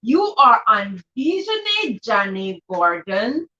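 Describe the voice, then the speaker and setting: A woman hosting a live-streamed reading show, greeting viewers and reading out chat comments with repeated shout-outs. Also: fairly high pitch, very animated, slow. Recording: roomy, distant, dull lo-fi sound.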